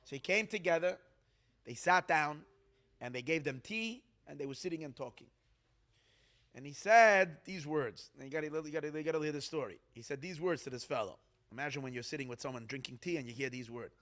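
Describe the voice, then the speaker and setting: Animated rabbi telling a story, fairly high voice. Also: male voice, a little fast. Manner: animated, dramatic, acts out quotes, repeats words while building suspense. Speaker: rabbi telling stories of tzadikim. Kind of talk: storytelling talk at an evening gathering.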